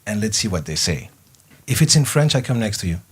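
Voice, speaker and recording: A man's voice: on the low side, big pitch swings, brisk, slight background noise. A man hosting a casual radio interview, joking and laughing easily as he switches between English and French. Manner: jovial, laughs often.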